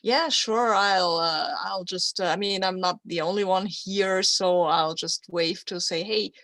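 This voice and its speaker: A woman's voice: fairly low pitch, fairly even intonation, a little slow, fairly bright tone, no room sound. A chatty woman playing a tabletop role-playing game, slipping readily into a bubbly character voice. The sound is dry and close, with no room around her. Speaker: player.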